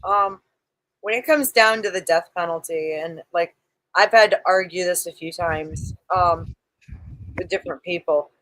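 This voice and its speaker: On a livestream panel, a woman argues religion firmly in a casual debate, quoting scripture and swearing now and then. Her voice is on the low side, a little slow and a bit bright; there is no echo, but the audio is poor.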